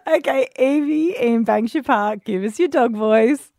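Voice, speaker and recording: A woman's voice: fairly high pitch, unhurried, background noise. Giggly woman radio co-host. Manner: giggly, storytelling. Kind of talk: breakfast radio banter.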